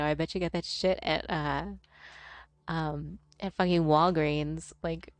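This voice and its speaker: Laid-back profane woman streamer, low voice. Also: steady tone, slow, no room sound. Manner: rambling, profane, laughing often. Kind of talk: casual chat while gaming.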